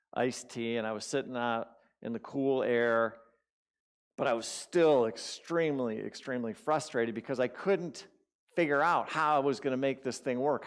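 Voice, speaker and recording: A man's voice: mid-range voice, smooth. A man giving a conversational sermon at a spiritual community, telling personal stories in a casual way and repeating words for emphasis.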